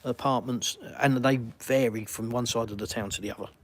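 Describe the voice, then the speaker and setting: A man's voice: medium pitch, fairly even intonation, fairly quick. A man from the UK with an English accent, hosting a live stream from a village and answering chat questions with blunt, dry sarcasm. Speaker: livestream host. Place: outdoors in a village.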